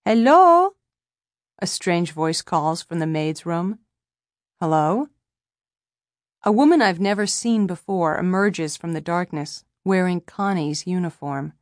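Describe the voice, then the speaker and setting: Young woman reading an audiobook, lowish voice, wry and even, dry close mic. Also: normal speed, few pauses, no echo. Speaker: audiobook narrator. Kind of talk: first-person audiobook narration.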